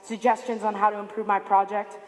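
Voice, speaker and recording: A young woman presents a prepared speech to a student symposium, speaking fairly quickly in a mid-range voice with a long reverb tail behind it. Her storytelling includes quotes she acts out in a lively way.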